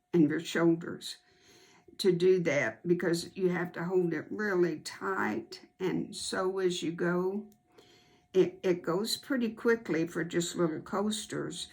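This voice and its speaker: Crafting tutor, female, low-pitched with fry, slow homey step-by-step delivery. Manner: unhurried, homey step-by-step explaining. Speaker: quilting instructor. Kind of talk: hands-on sewing tutorial.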